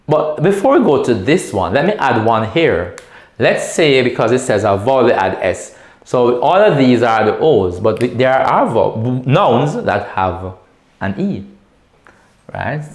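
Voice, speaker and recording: A man's voice: on the low side, reverberant. A man teaching a class at a whiteboard, patiently repeating each word and checking in with his students. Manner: patient, repeats words slowly and often checks with "right?". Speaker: Spanish teacher.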